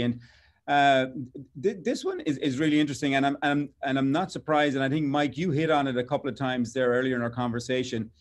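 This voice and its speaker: A man with an Irish accent moderating a panel, reading audience questions in a casual, halting way. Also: mid-range voice.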